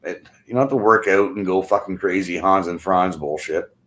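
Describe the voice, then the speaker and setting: A man's voice: low voice, moderate pace, fairly bright tone. A middle-aged man, ranting bluntly and angrily. He swears constantly and ends his phrases with "man". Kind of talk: profane ranting monologue.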